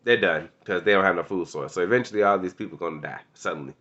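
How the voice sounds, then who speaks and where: A man casually recapping a TV episode, excitable and slangy, laughing often. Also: deep voice, fast talker, highs cut off. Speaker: TV show reviewer.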